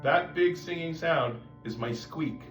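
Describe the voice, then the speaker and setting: A voice teacher with a fairly high voice speaks unhurriedly, explaining step by step and pausing to demonstrate vocal sounds. Loud music plays behind him, and the distant mic gives a roomy sound with faint background noise.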